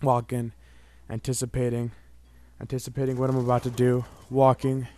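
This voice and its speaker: A man's voice: medium pitch, monotone, moderate pace, a little mellow. A young man vlogging, telling a personal story in a rambling, casual way, full of "like" and "you know".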